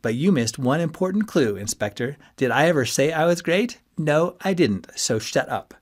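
A man's voice: a little high, expressive, moderate pace, voice pushed up. A man voicing a cocky, scheming young male college student who teases and mocks his friends in an audiobook. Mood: mocking. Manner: teasing, loud and mocking.

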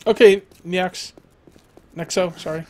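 A man's voice: sits high, fairly even intonation, slow. A young man chatting casually on a game live stream, rambling, laughing often and reading viewers' messages aloud.

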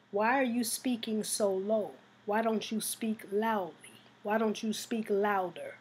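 A woman, a Christian exhorter, telling a personal testimony in a soft-spoken, reflective and earnest way. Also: mid-range voice, husky.

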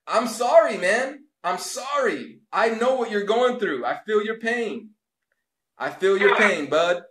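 A man rants at his caller in a taunting, sarcastic and preachy way. His voice sits high and sounds bright and forceful. The room around him is echoey, with a faint hiss behind. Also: lively intonation, unhurried. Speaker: religious video host. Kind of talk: preachy rant.

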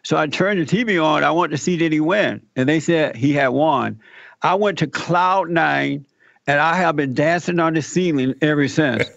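A man telling a personal story in an interview, animated and acting out the people he quotes. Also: fairly high pitch, moderate pace, creaky, no echo, highs cut off. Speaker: guest telling his story.

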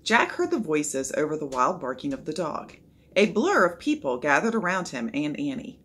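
Woman storybook reader, husky tone, lively rise and fall, low-pitched. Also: moderate pace. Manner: expressive, voices the characters. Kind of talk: read-aloud of a children's chapter book.

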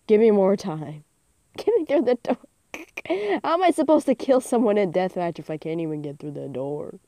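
A teenage girl giving casual, self-mocking commentary over her own game, sometimes bursting into loud cheers. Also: on the low side, clear, resonant tone, no echo. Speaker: gaming channel host. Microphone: phone screen recording.

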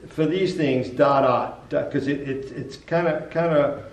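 A man's voice: a little high, measured pace. A man, a saxophonist, explaining jazz articulation in casual chat, often repeating words as he goes. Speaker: saxophonist and teacher. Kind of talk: casual music lesson chat. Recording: roomy, distant from the mic.

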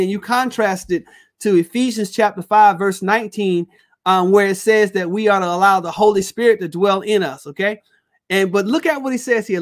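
A male pastor teaching a Bible study, preaching with call-and-response phrases and reading scripture aloud. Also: high-pitched.

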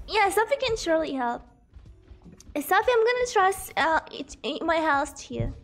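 Woman game streamer, hoarse with a cough; playful, giggly, unhurried, very high lively voice. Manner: giggly, playful, reads chat aloud between game reactions. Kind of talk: live gameplay stream, chatting with viewers.

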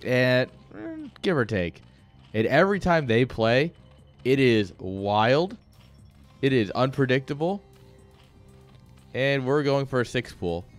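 A young man casts a live game, delivering hyped, joking play-by-play and speaking directly to his chat. His medium-pitched voice has a sing-song lilt, moving slowly with long pauses over soft background music.

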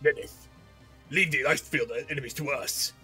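A man's voice: fairly high pitch, normal speed, sharp tone, faint music behind. A man voicing a confident male war commander with a put-on southern drawl, reading game dialogue aloud. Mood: commanding.

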